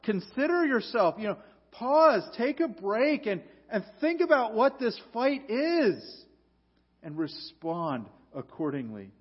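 A man, a pastor, preaching a sermon, moving from quiet earnest passages to loud emphatic commands. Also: high-pitched, sing-song, takes it slowly, breathy edge, highs cut off.

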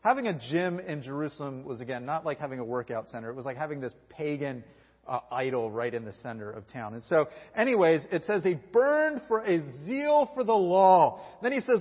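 A man preaching a sermon, telling the story with animated energy and acting out the people he quotes. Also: fairly high pitch, a little fast, breathy edge. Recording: dull recording with long hall reverb.

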